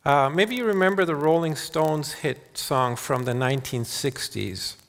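Male pastor, earnest sermon delivery, slightly high pitch, reverberant sanctuary sound. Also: sing-song, moderate pace, hardly any pauses. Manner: earnest, repeats words and restarts often. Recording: long hall reverb.

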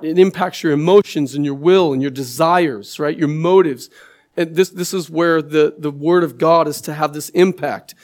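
A man's voice: on the high side, a little mellow. A man preaching a sermon in a conversational way, often checking with listeners and repeating words as he builds his point. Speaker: pastor.

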